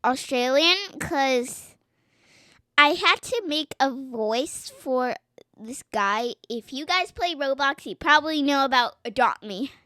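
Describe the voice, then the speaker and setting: A woman's voice: high voice, animated, takes it slowly, bright, forceful tone, no echo, studio quality. A young girl as a podcast guest, chatting casually and playfully, giggling and trying silly accents. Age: child. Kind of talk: casual chat. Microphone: podcast mic.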